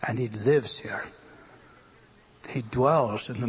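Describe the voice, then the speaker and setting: A man preaching a sermon, moving between loud emphatic lines and hushed whispers. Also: medium pitch, slow, breathy edge.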